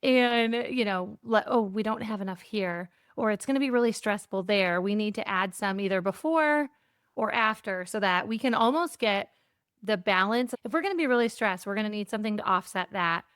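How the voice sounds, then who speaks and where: Smooth-voiced woman telling a lively story. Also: medium pitch, normal speed, no room sound, clean studio sound. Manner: animated storyteller, acts out dialogue, frequent "like". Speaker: guest, keynote speaker on joy. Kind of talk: casual interview storytelling.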